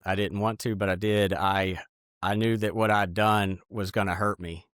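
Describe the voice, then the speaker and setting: A man giving an earnest, halting personal testimony in an interview. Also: on the low side, level tone, a bit bright, no room sound, studio quality.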